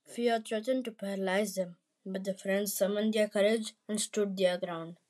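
A woman giving scripted, measured narration of a spooky horror story. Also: medium pitch, steady tone, a little mellow.

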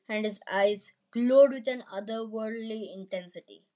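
A woman giving scripted, measured narration of a spooky horror story. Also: a little high, mellow.

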